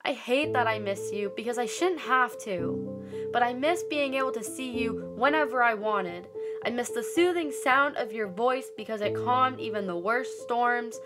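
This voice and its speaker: A teenage girl delivering a spoken-word monologue as a student narrator, in an earnest, deliberate voice heavy with grief. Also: on the high side, over music. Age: late teens.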